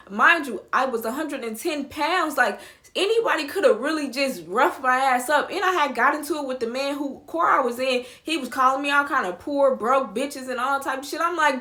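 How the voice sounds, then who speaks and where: A young woman telling a storytime vlog in a casual, profane, animated way, acting out her own quotes loudly. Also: high voice, brisk. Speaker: vlogger.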